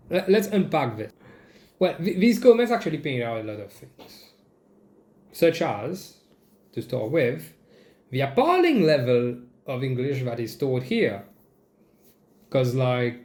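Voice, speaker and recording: A young Mauritian man with a Mauritian accent, giving casual comedic commentary in a sarcastic, swearing, animated way. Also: a little high. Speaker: vlogger. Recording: echoey room.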